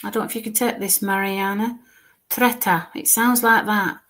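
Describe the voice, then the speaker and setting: A woman giving a live mediumship reading, speaking in a halting way, repeating words as she describes what she sees, and sometimes dropping to a murmur. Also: medium pitch, steady tone, fairly bright tone.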